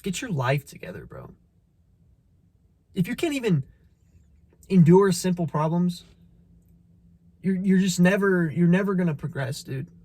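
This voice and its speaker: Blunt, profane man with a high voice. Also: a little mellow, no room sound. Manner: repeats phrases, stumbles on restarts. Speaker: motivational vlogger. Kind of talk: casual motivational monologue.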